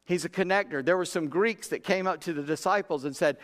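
A man's voice: high voice, a little fast, few pauses, a bit bright. A man preaching a sermon in a folksy, conversational way, acting out Bible characters in everyday talk. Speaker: pastor. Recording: long reverb of a large room.

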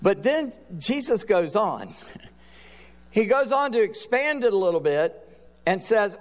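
A male pastor giving a sermon in a conversational preaching manner, with quick asides to his listeners. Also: high-pitched, big pitch swings, in a large hall.

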